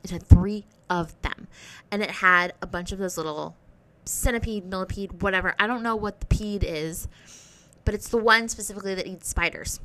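A young woman talking casually to camera in a rambling, sweary, animated way. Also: mid-range voice, normal speed. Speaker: vlogger.

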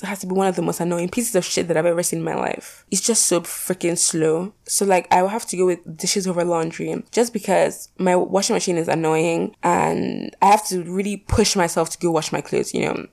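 Talking casually into her camera, a young woman vlogger meanders through poll questions, packing in fillers like "like" and "you know" and swearing now and then. She has a somewhat low, darker, mellow tone full of gravelly vocal fry.

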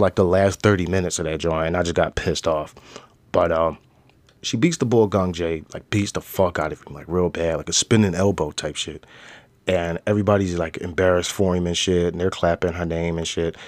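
A man's voice: deep voice, no room sound. A man hosting a casual podcast, retelling a show's plot in loose slang with lots of swearing and acting out the characters' lines. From United States. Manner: animated storytelling with slang and profanity, acting out characters. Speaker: podcast host. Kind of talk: casual show recap.

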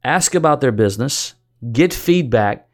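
A man's voice: medium pitch, expressive, measured pace. A man talks casually about coaching in a mid-range voice. He rambles in an easy, conversational way, with lots of fillers and false starts. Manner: conversational, many fillers and restarts. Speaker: business coach host. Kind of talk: casual storytelling monologue.

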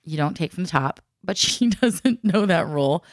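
A woman's voice: on the low side, expressive, moderate pace, no echo, clean studio sound. A woman in casual chat who tells stories at length, laughs often and acts out the people she quotes.

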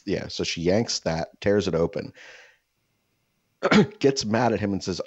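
A man with a very low, deep voice tells a meandering story, leaning on "like" and "you know" as he goes. The sound is dry and close, slightly dull and lo-fi, and he drops into put-on voices for the people he quotes. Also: a little slow, breathy edge, dry recording. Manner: rambling, heavy "like" fillers. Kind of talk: casual anecdote.

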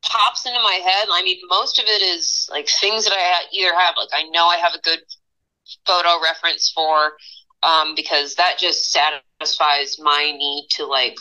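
A woman in her thirties from Pennsylvania, a guest artist telling stories in a casual interview, animated and laughing often, with lots of fillers. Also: on the low side, moderate pace, poor audio. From Pennsylvania, USA.

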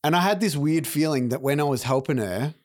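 A man's voice: a little high, a little fast, a little mellow. A man in casual, sweary chat, often saying yeah. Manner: laid-back, swears often, many yeahs.

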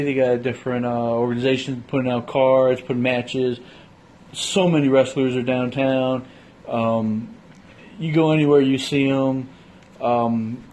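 A man hosting a casual podcast chat, swearing freely and retelling things with animated voices. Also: mid-range voice, rough recording. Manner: profane, animated storyteller. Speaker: podcast host.

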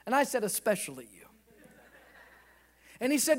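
A man in his thirties, a pastor, preaching a sermon with animated delivery and acted-out dialogue. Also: very high voice, moderate pace.

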